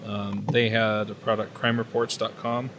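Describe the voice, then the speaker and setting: A man talking through his team experience on a tech podcast in a relaxed, thoughtful way, often pausing with fillers. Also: on the low side, a little hiss or hum. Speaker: podcast panelist. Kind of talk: casual technical discussion.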